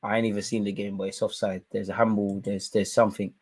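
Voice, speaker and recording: His pitch sits fairly low, and he speaks fast with a breathy edge and no room sound. The speaker is a man in his twenties from London hosting a football watchalong, trading banter, commenting live on the match, and spinning animated slang-filled tales.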